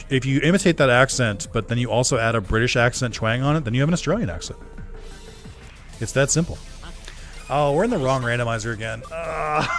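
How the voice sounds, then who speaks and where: A man talks casually to his chat while playing a game, in an even mid-range voice. He rambles, jokes, laughs often and swears now and then, with faint game music running underneath. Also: mid-range voice. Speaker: streamer.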